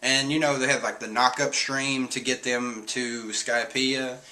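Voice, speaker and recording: This young man recaps a comic chapter in an unhurried, chatty way, often laughing and slipping into goofy voices when quoting. He has a bright, forward, mid-pitched voice with a flat delivery, and the recording quality is low.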